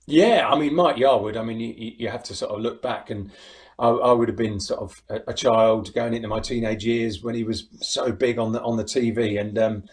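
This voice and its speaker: A middle-aged English man talks casually over a video call, laughing easily and restarting his sentences as he tells stories. His voice sits at an ordinary, middle pitch. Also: fairly even intonation, fairly quick. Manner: chatty, laughs often, many restarts. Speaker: impressionist guest. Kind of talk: casual interview chat.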